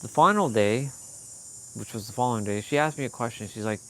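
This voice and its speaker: A man's voice: mid-range voice, fairly quick, bright, forceful tone, slight background noise. Young man, candid storytelling, swears, faint crickets behind. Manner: candid, swearing, quoting others in heated bursts. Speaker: fitness vlogger. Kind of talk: emotional personal storytelling.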